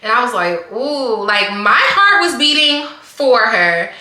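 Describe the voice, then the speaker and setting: A woman's voice: fairly high pitch, sing-song, a little slow, bright, forceful tone. A young woman telling a casual storytime, chatty and full of "like" and restarts. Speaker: vlogger. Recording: echoey room.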